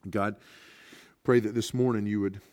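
A man's voice: fairly low pitch, steady tone, normal speed, darkish tone. A male American pastor telling a story in a casual, rambling sermon full of fillers and restarts. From United States. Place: large hall at a camp session. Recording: long hall reverb.

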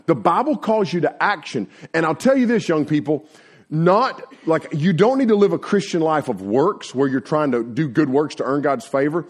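A man preaching a sermon to young people, telling homespun stories in a folksy, animated way full of filler words. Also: a little high, moderate pace, breathy edge. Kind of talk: sermon with personal storytelling.

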